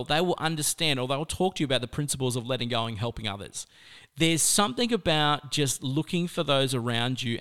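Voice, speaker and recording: Smooth-voiced Australian man telling a story. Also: medium pitch. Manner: chatty, animated, peppered with "like". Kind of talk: personal storytelling talk.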